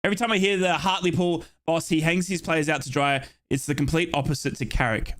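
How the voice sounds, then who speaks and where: A young man with an Australian accent calls a football match live for his fans. His voice sits a little high and sounds bright and forceful. He talks in a chatty, excitable way, with playful asides. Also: brisk. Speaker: fan commentator on a match watchalong. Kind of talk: live play-by-play football commentary.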